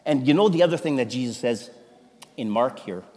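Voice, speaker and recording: Animated preacher in a reverberant hall. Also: male voice, mid-range voice, fairly quick. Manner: animated, emphatic, with restarts and sudden loud exclamations. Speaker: pastor. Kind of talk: sermon. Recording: long reverb of a large hall.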